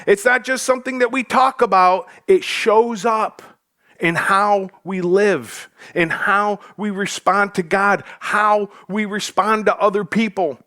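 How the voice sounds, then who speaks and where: A man's voice: high voice, fairly bright tone. A male pastor preaching a sermon to his church, joking with the congregation as he goes. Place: church sanctuary.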